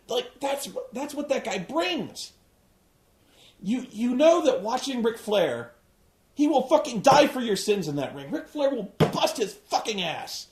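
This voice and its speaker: Reviewing a wrestling show, this host has a very high voice with big pitch swings and a measured pace, recorded with a roomy sound. His profane, casual recap rambles along, packed with cursing and frequent restarts.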